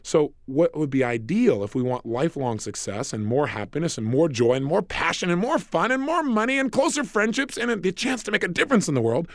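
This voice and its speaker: A man giving an animated motivational talk on a recorded self-help program, emphatic and acting out dialogues. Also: a little high, a little fast, few pauses, no echo, clean studio sound.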